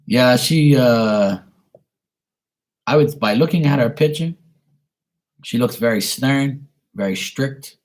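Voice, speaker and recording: A man hosts a casual live stream, chatting with viewers bluntly, swearing plenty and rambling. His voice is medium in pitch, and he takes things slowly, with long pauses.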